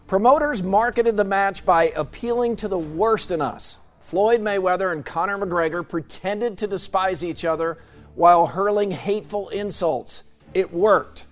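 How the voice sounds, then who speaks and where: A man's voice: sits high, a little slow. A man co-hosting a sports talk show, delivering a wry, punchy scripted commentary.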